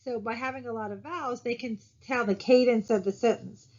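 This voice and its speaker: A woman's voice: fairly high pitch, steady tone, brisk, a little mellow. Lady teacher talking thru her slides, lots of ums and "right?", sound kinda dull and muffled. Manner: conversational, many fillers and tag questions. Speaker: college lecturer. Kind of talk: recorded slide lecture. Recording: dull lo-fi recording.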